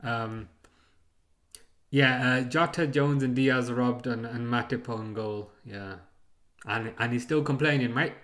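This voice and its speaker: Bright-voiced chatty streaming man. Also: mid-range voice, takes it slowly. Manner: rambling, chuckling, reads out chat messages. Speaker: streamer hosting a football watchalong. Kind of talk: casual live chat.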